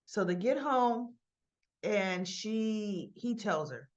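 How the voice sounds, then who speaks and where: A woman's voice: mid-range voice, expressive, takes it slowly. A woman at home, recapping soap opera episodes in a chatty, wandering way that often checks in with "right?". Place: at home with her dog. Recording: slightly dull lo-fi sound.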